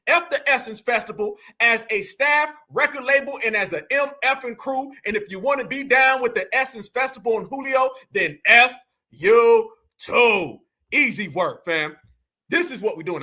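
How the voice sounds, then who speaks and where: Heated and combative, this American man hosts a reaction channel, mocking as he rants and repeatedly addressing viewers as "fam." His voice is very high and piercing, with real edge and brightness, and he talks expressively at normal speed.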